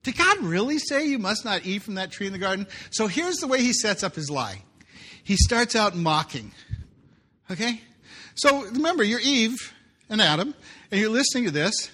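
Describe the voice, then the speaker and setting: A man's voice: high voice, big pitch swings, normal speed, sharp tone. A man preaching a sermon, reading scripture aloud and breaking in with jokey asides. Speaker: pastor.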